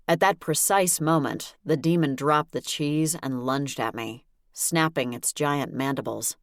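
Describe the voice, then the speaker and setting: Brief: woman, deep voice, wry first-person audiobook read, dry booth sound. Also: measured pace, no room sound. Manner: wry, lively storytelling. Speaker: audiobook narrator.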